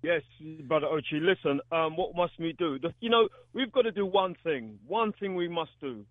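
High preacherly man over a phone line. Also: lively intonation, moderate pace, no room sound. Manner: preacherly, emphatic, repeats questions. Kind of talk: call-in discussion. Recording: dry tinny phone line.

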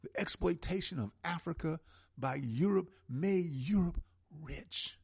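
A man hosting a call-in radio talk show, speaking with an impassioned, preaching cadence and slow, emphatic stresses. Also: fairly high pitch, gravelly, a little mellow, breathy edge.

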